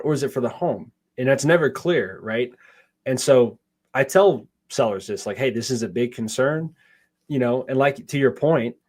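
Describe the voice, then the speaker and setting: A man's voice: mid-range voice, a little mellow. A man answering interview questions in a casual, rambling way, full of fillers and restarts, with no Southern accent. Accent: none, not Southern. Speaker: guest, park investor.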